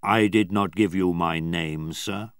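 A man voicing a proud old submarine captain who is dying, speaking slowly, firmly and gravely. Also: low voice, no echo, clean studio sound. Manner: slow, firm and grave.

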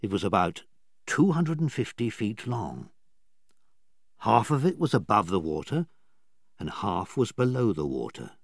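Male narrator, slow storybook reading, low voice, lively intonation, dry sound. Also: no echo. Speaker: audiobook narrator.

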